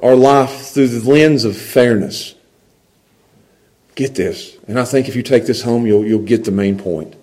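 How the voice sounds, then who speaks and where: A male pastor preaching a sermon, animated and conversational, often checking in with his listeners. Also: medium pitch, poor audio.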